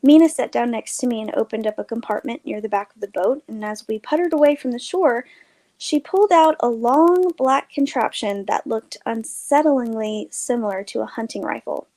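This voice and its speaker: Female host, scripted story reading, light voice, measured and expressive. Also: on the high side.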